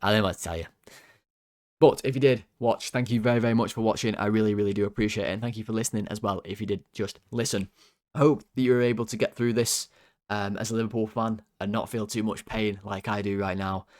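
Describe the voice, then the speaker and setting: A young man hosting a football fan channel, ranting through player ratings, swearing, his voice jumping high when worked up. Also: level tone, fast, darkish tone. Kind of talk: player ratings rant to camera.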